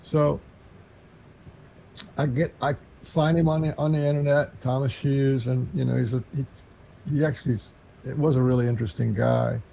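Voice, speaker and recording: A man speaks at a middle pitch in a gravelly voice. His tone is dark and mellow. As an interview guest, he tells a long, winding story in an earnest way. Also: steady tone, moderate pace, a little hiss or hum, rough recording. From Texas.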